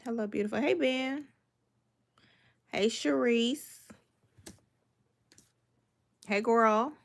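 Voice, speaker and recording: On the high side, her voice stretches words out with vocal fry. This young woman from Miami, Florida hosts a cooking livestream, casually reading comments and greeting viewers by name in a sassy manner.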